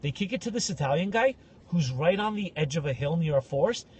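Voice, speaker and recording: A man's voice: on the high side, a little fast, slightly rough. A man co-hosting a podcast, telling a story in a casual rant and acting out the people in it. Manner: animated, acts out voices in stories. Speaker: podcast co-host.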